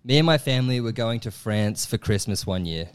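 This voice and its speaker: A young comedian guest tells a funny personal story in a casual chat, speaking fairly quickly in a lowish, clean-toned voice. He is animated, laughs often, and acts out what people said in quotes.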